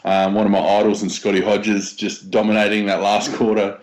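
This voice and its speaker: Enthusiastic Australian man, halting speech. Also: lowish voice, flat delivery, low-quality recording. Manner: enthusiastic, halting with many ums. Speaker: podcast guest. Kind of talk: casual sports chat.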